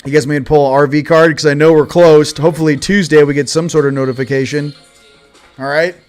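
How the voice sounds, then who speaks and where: A man's voice: a little high, fairly even intonation, brisk, soft background music. Joking man reading oracle cards. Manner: joking, sarcastic asides. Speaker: host of a spiritual card-reading show. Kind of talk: casual oracle card reading.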